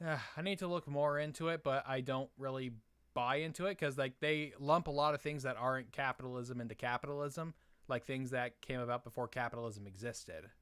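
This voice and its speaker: A young man talks through chat questions on his live stream in a casual, halting way, full of fillers and restarts. His voice is smooth and clear, at an everyday pitch for a man. The sound is close and dry, with no room around it. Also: a bit bright, dry recording. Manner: hesitant, many fillers and restarts.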